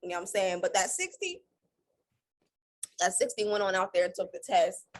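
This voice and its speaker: A woman's voice: medium pitch, lively intonation, moderate pace. A woman co-hosting a casual storytime chat, rambling and interrupting herself as she tells her side. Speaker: co-host.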